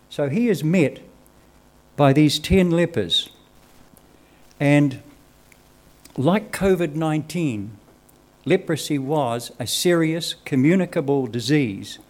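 A man delivers a sermon in a measured, earnest manner. His voice sits at an ordinary middle pitch, and he moves between teaching and reading Scripture aloud. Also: a little mellow. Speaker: lay preacher.

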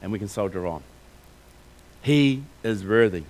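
A man preaching a sermon with passion, moving between quiet reflection and loud, emphatic declarations, with casual asides. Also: lowish voice, lively intonation, measured pace. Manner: informal, scattered with casual asides.

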